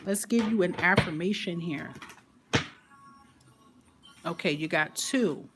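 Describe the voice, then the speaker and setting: A woman's voice: lowish voice, slow, loud music behind the voice. A woman giving a casual live card reading, chatty and emphatic, with slangy talk and frequent laughter. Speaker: tarot and affirmation card reader.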